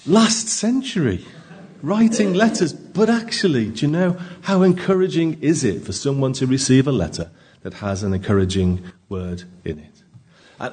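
A pastor with a fairly high, slightly mellow voice preaches a conversational sermon in church, peppering his congregation with rhetorical questions.

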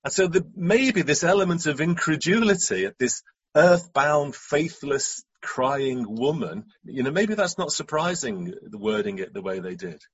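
A man's voice: a little high, animated, a little slow, slightly rough, lo-fi sound. A man preaching a sermon in a reflective way, often asking rhetorical questions.

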